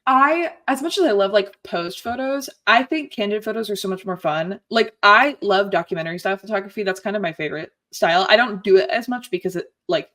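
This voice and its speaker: A woman's voice: medium pitch, brisk, few pauses, fairly bright tone. A woman chatting casually as a podcast guest, upbeat and full of fillers, living in Florida. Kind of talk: casual chat.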